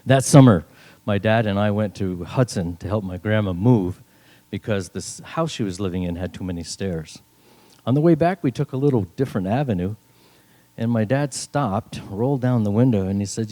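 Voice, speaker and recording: Older man, from northern New York, live stage storytelling, wry dry humor, warm mellow tone. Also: lowish voice, expressive, normal speed. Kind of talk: live story slam telling.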